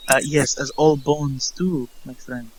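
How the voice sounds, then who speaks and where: A man voicing a polite male merchant with a mustache who gets easily flustered, speaking in a courteous, halting way. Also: mid-range voice, steady tone, breathy edge, poor audio. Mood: dry. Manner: courteous, halting, fussing over hospitality.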